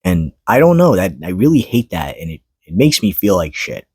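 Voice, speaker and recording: Man, personal vlog monologue: low, husky, close and dry; weary, halting, flares up in frustration. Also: very animated, a little mellow, no room sound. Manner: weary, halting, pauses to collect thoughts; swears and rises in pitch when frustrated. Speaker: vlogger. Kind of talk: unscripted personal monologue to camera. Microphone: camera mic.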